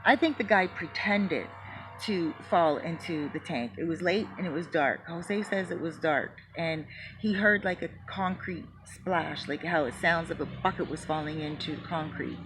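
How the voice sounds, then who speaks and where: Woman storyteller, low voice, chatty casual delivery, acts out the quotes, for a true-story retelling. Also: moderate pace, music in the background, poor audio.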